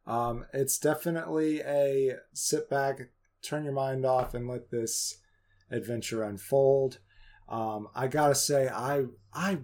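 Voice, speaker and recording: A man's voice: medium pitch, darkish tone. Easygoing man chatting about movies. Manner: easygoing, upbeat, self-mocking. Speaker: podcast co-host reviewing movies. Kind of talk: casual chat.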